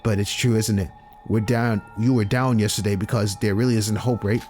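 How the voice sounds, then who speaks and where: A man's voice: fairly low pitch, fairly even intonation, a little fast, a little mellow, soft background music, voice pushed down, natural voice. A man reading the lines of a bitter, defeatist teenage boy, in a sullen, sarcastic tone.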